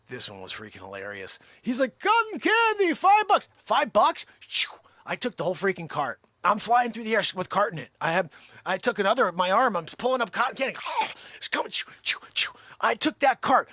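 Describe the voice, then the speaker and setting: A man hosting a comic monologue, telling a story in an animated, exaggerated way. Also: high-pitched, no echo. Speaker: host.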